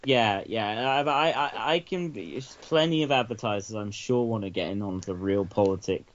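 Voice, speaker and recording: Rambling, swearing podcast host. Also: male voice, on the low side, normal speed, muffled recording. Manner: rambling, swearing, stammering restarts and laughing. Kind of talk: comedic podcast banter.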